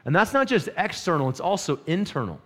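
A pastor delivers a casual sermon, animatedly telling a story and putting questions to the congregation, then growing quiet and hushed when he prays. His voice is a little high and a little fast.

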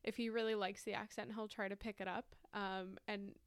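A woman's voice: medium pitch, flat delivery, a little fast, smooth, dry recording, studio quality. A woman co-hosting a podcast in casual chat, easygoing and chatty, with amused reactions. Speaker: podcast co-host.

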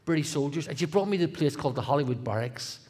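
A middle-aged man with a Northern Irish accent, a guest speaker telling his testimony in a comic, animated way, dropping to a hush and rising loud. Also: a little high, quick pace. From Northern Ireland. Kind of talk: testimony storytelling.

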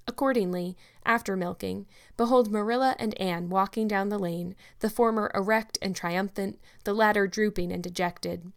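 A woman narrating a classic novel as an audiobook in a measured, steady way. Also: medium pitch, gravelly. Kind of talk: scripted narration.

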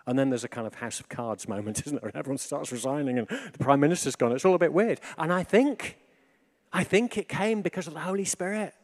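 Animated man preaching a casual sermon. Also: a little high, fast talker. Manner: animated, swings between hushed and excited. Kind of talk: informal sermon.

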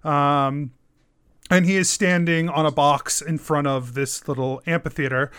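A man narrates as game master, describing the scene slowly and loosely with lots of fillers. His voice is a touch high, and the sound is dry and close. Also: fairly even intonation, a bit bright, clean tone, no room sound. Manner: slow, filler-heavy description.

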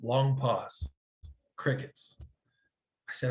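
A man tells a personal story in a casual, conversational way, his voice sitting a little high for a man. He is animated, acts out the other people's lines as he goes, and often restarts his sentences mid-thought. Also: moderate pace. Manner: animated, acts out quoted dialogue, frequent restarts. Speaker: guest telling a conversion story.

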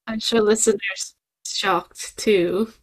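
A woman hosts the interview with a mid-pitched, even voice. She answers with short replies and asks follow-up questions. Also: slow. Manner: brief backchannel responses. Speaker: podcast host.

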